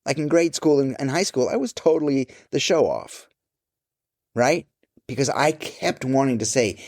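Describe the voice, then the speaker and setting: A man's voice: medium pitch, big pitch swings, moderate pace, a little mellow. A middle-aged man answering interview questions about his life and work, candid, blunt and profane.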